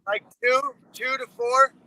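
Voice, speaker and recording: A man's voice: very high-pitched, steady tone, a little slow, bright, forceful tone, low-quality recording. A man guest talking casually over a call connection, laid-back and drawling, swearing freely. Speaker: guest fighter. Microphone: remote call connection.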